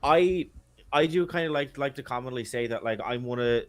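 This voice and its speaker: A man's voice: mid-range voice, moderate pace. Hesitant young man, thick with fillers. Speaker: panel guest. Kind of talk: casual online panel chat.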